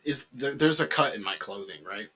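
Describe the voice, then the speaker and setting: A man's voice: medium pitch, sing-song, normal speed, fairly bright tone. A man playing a character in a tabletop role-playing game, describing his actions in a laid-back, wry way. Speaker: player.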